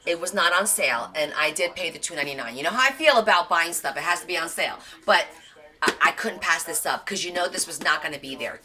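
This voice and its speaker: A chatty woman hosting a live craft stream, showing off her finds with gushing enthusiasm. Her voice is bright and a little sharp, and her pitch leaps high and low as she talks. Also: expressive, fast. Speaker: craft channel host. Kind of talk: casual live show-and-tell.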